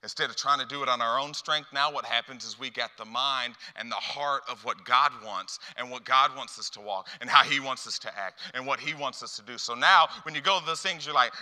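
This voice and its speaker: A man's voice: medium pitch, fairly quick, hardly any pauses, pushed and bright. A man preaching a sermon as a pastor, telling stories and acting out dialogue with lots of repeated phrases. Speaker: youth pastor. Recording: long hall reverb.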